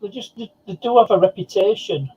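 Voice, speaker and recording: Husky high-voiced man on dull call audio. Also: lively intonation, fairly quick, dark tone. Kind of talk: casual group chat on a live stream.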